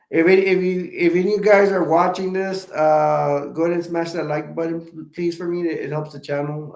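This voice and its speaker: A man hosting a live stream, chatting in a halting, rambling way with many restarts and self-corrections, with hiccups. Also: a little high, reverberant.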